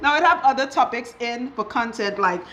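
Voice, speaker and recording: A woman's voice: on the high side, animated, fairly quick, fairly bright tone, slight background noise, low-quality recording. A woman hosting a casual story time chat, talking and laughing often while she oils a client's hair. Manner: chatty, laughs often while telling stories. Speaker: loctician and show host.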